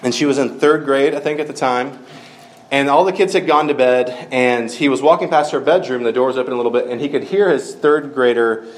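A man's voice: mid-range voice, a little fast. A man giving a casual storytelling sermon as a campus minister, chatty and full of fillers. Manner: conversational, many fillers like "like" and "um".

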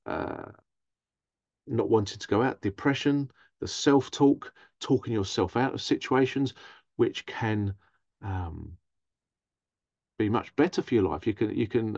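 A man's voice: medium pitch, vocal fry, warm tone, no echo, dull audio. A man hosting a podcast, talking casually in a rambling way and acting out inner thoughts. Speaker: podcast host. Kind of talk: casual monologue.

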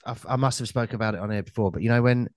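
A man hosting a podcast, telling rambling anecdotes with deadpan punchlines in casual chat. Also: medium pitch, very fast, no room sound.

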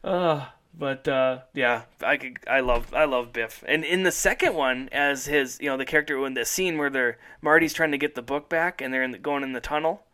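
A man's voice: mid-range voice, a little fast, few pauses, sharp tone. A man hosting a casual podcast chat, rambling enthusiastically and laughing often. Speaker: podcast host.

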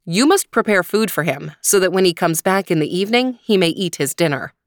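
A woman's voice: fairly low pitch, lively intonation, brisk, no room sound, studio quality. A woman voicing the village people, doubtful and matter-of-fact. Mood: skeptical.

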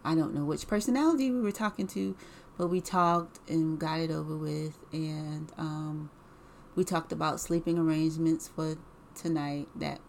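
A woman's voice: sits low, vocal fry, a little mellow, a little hiss or hum. A woman telling a personal story in a casual, rambling way, with many fillers, restarts and repeated words.

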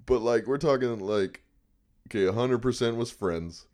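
A man with a mid-range, slightly mellow voice speaks at a moderate pace as co-host of a podcast. The chat is casual, and he's easygoing, often giving brief answers.

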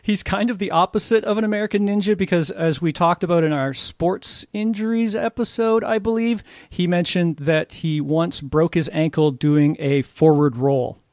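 A man's voice: high-pitched, moderate pace, few pauses, a little mellow, dry recording. Chatty Canadian-raised man, dry sound. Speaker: podcast guest. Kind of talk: casual podcast chat.

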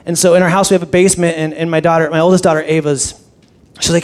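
A male pastor telling a personal story in a conversational sermon, animated, with frequent restarts and repeated words. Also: on the high side, quick pace.

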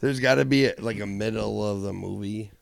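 A man's voice: fairly low pitch, fairly quick, creaky, no echo. A man riffing on absurd jokes with friends in casual banter. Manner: riffs on absurd scenarios.

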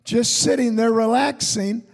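In a church hall with a lengthy echo, a high-voiced male pastor speaks slowly and deliberately, his tone husky and gravelly. His intonation stays fairly even even as the sermon moves from folksy anecdotes to fervent exhortation.

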